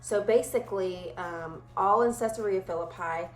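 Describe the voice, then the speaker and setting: A woman leading a casual Bible study, talking in a chatty, animated way and briefly acting out playful voices. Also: medium pitch, moderate pace, roomy sound, soft background music, poor audio.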